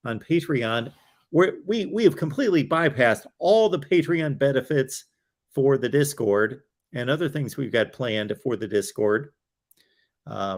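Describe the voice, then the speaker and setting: A man hosting a college football livestream, talking in a rambling, chatty way, tired with his voice wearing out. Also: mid-range voice. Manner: rambling, chatty, with fillers and self-asides. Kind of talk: casual livestream chat.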